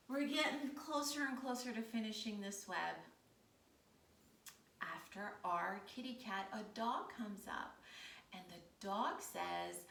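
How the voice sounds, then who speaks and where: Bright, bubbly woman leading kids yoga. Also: a little high, measured pace, gravelly. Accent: American. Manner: animated, encouraging, playful animal sounds. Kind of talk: storytime yoga for children. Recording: echoey room, far from mic.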